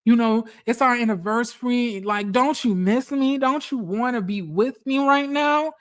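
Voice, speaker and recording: A man's voice: extremely high pitch, moderate pace, a bit bright, clean tone, voice pushed up. A man voicing a neglected wife pleading with her husband for affection. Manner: pleading, plaintive.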